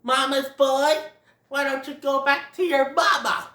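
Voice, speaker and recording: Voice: sits high, lively intonation, slow, bright, forceful tone, distant mic, voice pushed up, heavily acted. A reviewer voicing a cheeky young rabbit with a taunting, chirpy manner, in an echoey room.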